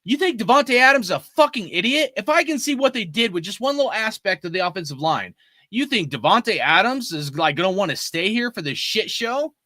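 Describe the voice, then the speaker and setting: A man in his forties delivers a heated, profane fan rant. His voice sits high and bright and swings widely as he gets worked up. The sound is dry and close. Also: big pitch swings, fairly quick, dry recording. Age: 40s. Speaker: sports fan commentator. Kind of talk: ranting fan commentary.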